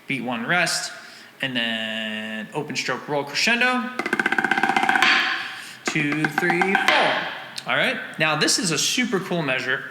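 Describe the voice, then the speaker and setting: A man's voice: mid-range voice, lively intonation, unhurried, loud music behind the voice. A man teaching drum rhythms, counting and singing the beats aloud, and often correcting himself. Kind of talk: instructional breakdown. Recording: echoey room with loud drumming. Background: drumming.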